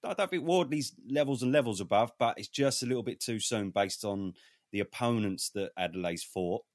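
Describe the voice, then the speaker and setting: A man giving boxing opinions in a casual, animated chat, swearing freely. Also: fairly low pitch, a little fast, dry recording, clean studio sound. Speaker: boxing pundit.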